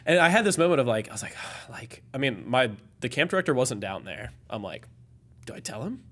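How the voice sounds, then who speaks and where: Young man telling an animated story. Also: medium pitch, a little fast. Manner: animated, filler-heavy storytelling with lots of "like". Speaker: podcast guest. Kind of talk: casual storytelling.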